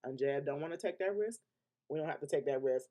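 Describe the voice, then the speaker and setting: With a slightly high, mellow voice and lively intonation, a man talks fast through a weekly astrology forecast. The unscripted, casual monologue is emphatic and loose, with restarts and frequent laughs between points.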